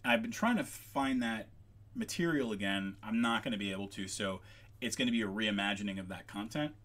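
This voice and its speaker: Guy streaming and chatting loosely, kinda gravelly, lots of ums, wanders off topic, lowish voice. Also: expressive, brisk, a bit bright. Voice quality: gravelly at times. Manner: rambling, goes off on tangents with many ums. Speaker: livestream host making maps. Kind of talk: casual livestream chat.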